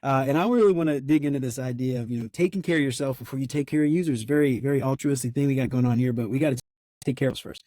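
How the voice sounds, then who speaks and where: A man's voice: mid-range voice, racing, warm tone, no echo, clean studio sound. A man hosting his podcast in a casual, enthusiastic, gushing way. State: out of breath. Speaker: podcast host.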